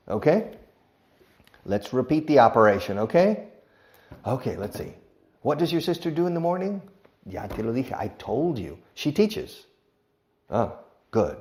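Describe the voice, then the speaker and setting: A man's voice: mid-range voice, unhurried, pauses often. A middle-aged man teaching an English lesson, acting out both sides of question-and-answer drills. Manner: animated, switches between teacher and pupil voices in drills.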